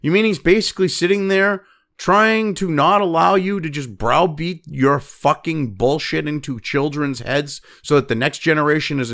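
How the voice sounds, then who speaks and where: A man's voice: a little high, creaky, fairly bright tone. A man in his fifties hosting a political commentary show, ranting angrily and mockingly with heavy swearing. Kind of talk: profane opinion rant.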